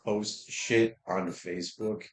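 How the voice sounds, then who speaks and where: A young man chats casually while streaming a game, rambling through stories and swearing freely. His voice sits a little low. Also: fairly even intonation, slow pace, over music. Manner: profane, rambling storytelling. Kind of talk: casual livestream chat while gaming.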